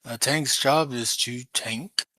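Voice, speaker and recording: A man's voice: medium pitch, takes it slowly, bright, forceful tone, no echo. A man who streams games, chatting casually and bluntly over voice chat, swearing freely. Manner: laid-back, profane, blunt. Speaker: gamer and streamer. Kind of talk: casual voice chat while gaming.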